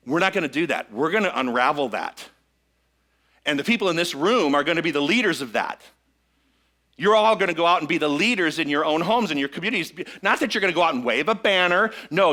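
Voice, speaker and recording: A man's voice: fairly high pitch, bright, forceful tone. A middle-aged male minister preaching a sermon to a live congregation, often checking in with them and leading them in call-and-response. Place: church sanctuary with a live congregation.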